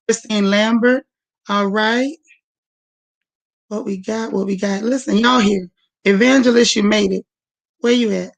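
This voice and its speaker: A woman's voice: mid-range voice, creaky. A woman hosting a casual livestream, greeting viewers by name and calling them sis and y'all. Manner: warm, chatty, calls viewers sis and y'all. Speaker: livestream host.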